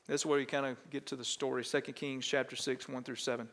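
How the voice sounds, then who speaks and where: Conversational pastor in reverberant church. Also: male voice, mid-range voice, little pitch movement, fast, creaky, a bit bright. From Texas. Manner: conversational, asks the congregation questions. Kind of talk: sermon. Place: church sanctuary.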